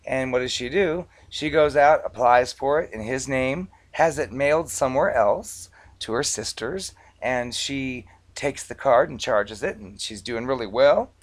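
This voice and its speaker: A man telling stories to camera in a casual, conversational vlog monologue, relaxed and dotted with filler words. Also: mid-range voice, unhurried, hardly any pauses. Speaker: vlogger recounting past collections work.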